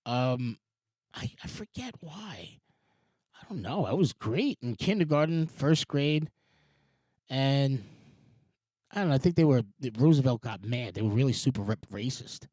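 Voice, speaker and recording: Rambling middle-aged man, lively pitch. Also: measured pace, long pauses, no echo, studio quality. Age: 40s. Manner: digressive and rambling, swears casually, frequent restarts. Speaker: show host. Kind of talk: rambling morning-show monologue.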